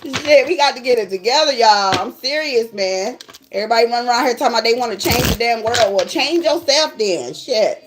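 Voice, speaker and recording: A woman's voice: fairly high pitch, expressive, a little fast, background noise. A woman tarot reader ranting casually to her viewers, blunt and profane as she scolds them.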